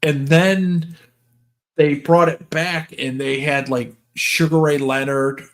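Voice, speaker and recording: Older man, casual chat, rambling stories, slightly high voice, acts out quotes. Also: fairly even intonation, slow. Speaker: podcast host.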